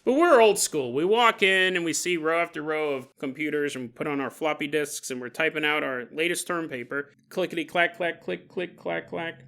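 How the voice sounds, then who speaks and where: A man's voice: fairly high pitch, brisk, few pauses. A man in his forties hosting a podcast, telling a paranormal story with jokes and silly put-on voices. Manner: jokey, animated, puts on silly voices for listeners. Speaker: podcast host.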